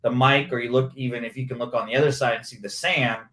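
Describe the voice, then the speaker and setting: A man in his forties, a former pro receiver and podcast guest, talking through football concepts in an animated, detailed way in conversation. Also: medium pitch, fast talker, recorded from a distance. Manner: animated, explains with hands-on play-by-play detail. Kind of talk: conversational interview. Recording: roomy, echoey room sound.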